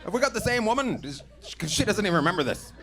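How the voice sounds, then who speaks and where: A man doing stand-up comedy, teasing the crowd loudly with crude banter from a club stage. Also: high-pitched, sing-song, fast talker. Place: comedy club stage before a live audience. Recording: live club recording with noise.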